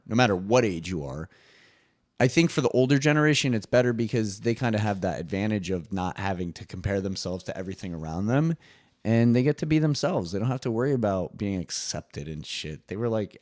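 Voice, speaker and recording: A man's voice: fairly low pitch, a little mellow, no echo, clean studio sound. A young man hosting his own podcast, rambling casually in a solo monologue, swearing freely and laughing at his own jokes. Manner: rambling, profane, laughs often. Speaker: podcast host.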